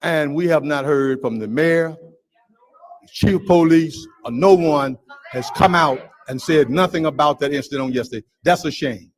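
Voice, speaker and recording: A man's voice: fairly high pitch, moderate pace, rough recording. A man giving a public comment speech to a city council, emphatic and indignant as he demands an investigation. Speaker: resident speaking at public comment.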